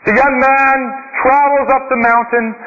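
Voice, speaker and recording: High, bright-voiced male preacher. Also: flat delivery, measured pace. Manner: storytelling, rhythmic lists. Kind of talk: sermon. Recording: dull sound with long reverb.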